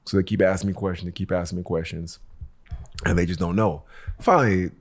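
Man, very low voice, casual storytelling, animated, acts out dialogue. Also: fairly quick. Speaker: guest storyteller. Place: Los Angeles.

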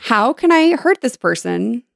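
Gravelly, sarcastic woman podcast host. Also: fairly high pitch, sing-song, unhurried, no room sound, studio quality. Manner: sarcastic, profane ranting. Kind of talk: casual podcast chat.

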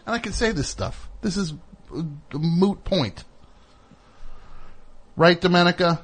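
A man's voice: sits high, expressive, unhurried, slightly rough. A middle-aged man hosting a radio show in a studio, chatting casually with an opinionated, teasing, rambling manner. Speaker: host.

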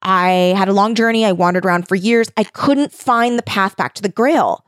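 A woman's voice: medium pitch, moderate pace, no room sound, studio quality, natural voice. A woman voicing a remorseful young male knight in a casual paraphrase while retelling a story. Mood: weary.

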